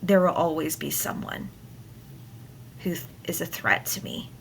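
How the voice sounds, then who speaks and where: Female teacher, unhurried classroom read-aloud into a computer mic, bright tone, chatty and playful. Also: low voice, vocal fry, a little hiss or hum. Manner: playful, chatty asides with frequent laughter. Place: at home. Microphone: computer mic on a screen recording.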